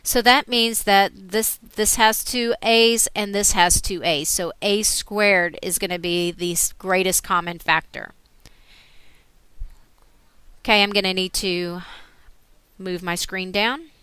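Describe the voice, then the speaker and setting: Bright, clear woman teaching algebra step by step. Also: medium pitch, slow pace, dry recording. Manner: steady step-by-step explaining. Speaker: math teacher. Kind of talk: recorded screen lesson.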